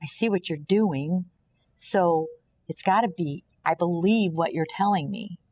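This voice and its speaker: Guest, female, from Kansas: fairly low voice, earnest and preachy testimony, slips into quoted dialogue. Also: a little slow, mellow. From Kansas, USA. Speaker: podcast guest. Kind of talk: personal faith testimony in conversation.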